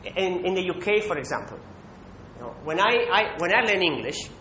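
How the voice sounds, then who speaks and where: High-voiced man preaching in an echoey room. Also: very animated, brisk, pushed and bright. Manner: emphatic, with rhetorical "Hmm?" checks. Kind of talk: sermon. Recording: echoey room with faint rumble.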